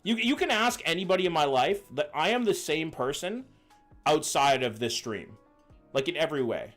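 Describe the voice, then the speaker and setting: A man with a fairly high, expressive and slightly bright voice talks at normal speed on a casual livestream. He reacts to viewers' pet pictures in a loose, joking style with frequent cursing, over faint music.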